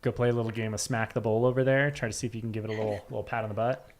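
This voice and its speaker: A man's voice: lowish voice, fairly even intonation, very fast, darkish tone. A man commentating on a race livestream, enthusiastic and joking. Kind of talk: casual commentary. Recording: faint background noise.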